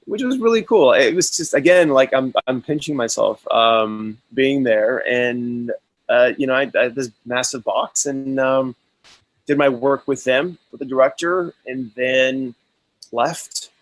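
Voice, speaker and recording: A man's voice: mid-range voice, measured pace, no room sound, poor audio. A male actor as an interview guest, telling stories in a casual, enthusiastic way with many restarts.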